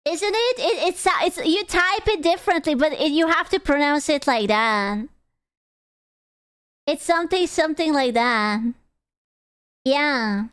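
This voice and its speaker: A woman's voice: sits high, unhurried, pauses often, a bit bright. A young woman streamer chatting casually with viewers, playful and giggly, swearing and reacting dramatically.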